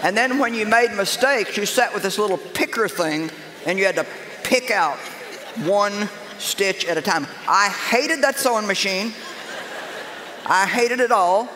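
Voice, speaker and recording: An older woman preaching a humorous sermon, telling stories in an animated, sassy, self-mocking way. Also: medium pitch, a little slow, a little hiss or hum. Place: large church auditorium with a live congregation. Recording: echoey hall with crowd laughter.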